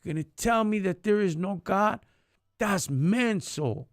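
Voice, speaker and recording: A man's voice: high-pitched, expressive, measured pace, dry recording, clean studio sound. A man giving an impassioned faith talk on a live stream, preachy, in street slang, dropping in Spanish words. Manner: preachy, street slang, calls listeners homie and dog.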